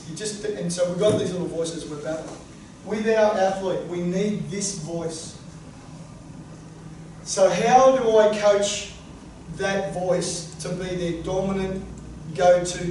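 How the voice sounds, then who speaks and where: A man's voice: high voice, very echoey. Guy running a coaching workshop, joky and punchy, far-off mic, noisy room. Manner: animated, joking, punchy. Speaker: sports coaching presenter. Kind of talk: workshop talk.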